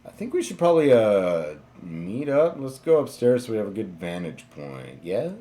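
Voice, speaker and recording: A man's voice: lowish voice, sing-song, moderate pace, mellow. A man voicing a casual telepathic guy. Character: telepathic male NPC speaking into minds.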